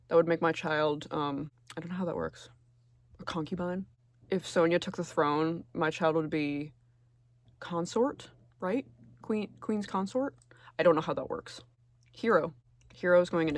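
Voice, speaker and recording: A man giving casual, sarcastic tier-list commentary, full of swearing, who jumps between loud outbursts and low muttering. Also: no echo. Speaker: video creator.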